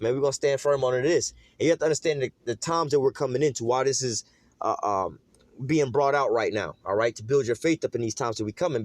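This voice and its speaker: A man's voice: medium pitch, a little mellow, no room sound. Laid-back man preaching in casual speech. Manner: casual and streetwise, calling listeners "man" and asking "all right?"; slows down to read scripture aloud. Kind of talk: informal sermon with scripture reading.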